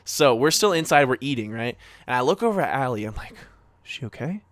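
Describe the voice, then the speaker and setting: A man's voice: mid-range voice, big pitch swings, a little fast, no room sound. A young man co-hosting a casual podcast, telling a story to friends in a rambling, profane way full of fillers and acted-out quotes. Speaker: podcast co-host.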